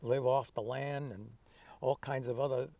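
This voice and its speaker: A man in his seventies telling stories from his past in an interview, lively and acting out remembered dialogue. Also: medium pitch, moderate pace, distant mic. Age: 70s. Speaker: interview guest, veteran. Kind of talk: conversational storytelling.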